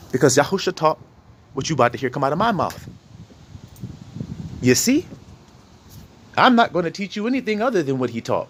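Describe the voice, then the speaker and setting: Animated preaching man, lively pitch. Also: slight background noise. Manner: animated, conversational preaching with rhetorical questions. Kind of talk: informal sermon.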